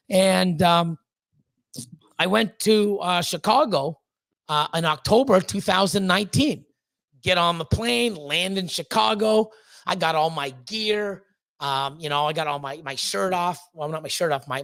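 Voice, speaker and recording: A man in his fifties, a guest on a live stream, casually telling a long story, profane and rambling, getting animated when he quotes people. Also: sits high, vocal fry, no room sound. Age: 50s.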